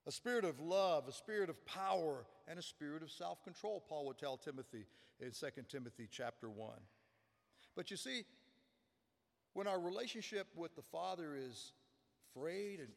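A man's voice: a little high, lively intonation, moderate pace, vocal fry, long reverb tail. A man preaching a sermon as pastor, earnest and emphatic, often repeating words for stress.

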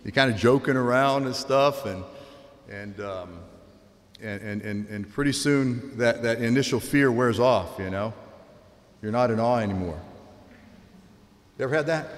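Male preacher, mid pitch, storytelling sermon style with direct questions to the congregation, long hall reverb. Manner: conversational storytelling, asks the listeners direct questions.

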